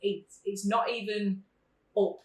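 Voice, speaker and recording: A woman's voice: medium pitch, takes it slowly. A woman, a podcast guest telling stories in casual chat, swearing freely and laughing as she talks. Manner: animated storyteller, swears freely, laughs while talking. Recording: roomy, distant mic.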